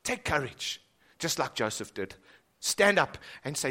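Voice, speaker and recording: A man's voice: fairly high pitch, big pitch swings, unhurried. Impassioned male preacher. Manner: impassioned preaching, rising then dropping to hushed emphasis. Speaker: pastor. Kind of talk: sermon. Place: church hall.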